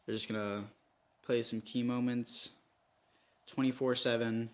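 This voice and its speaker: With a mid-range voice that barely moves in pitch, this young man speaks a little slowly as he comments on his football video game play. A gaming YouTuber, he rambles, criticizes himself, and erupts in frustration.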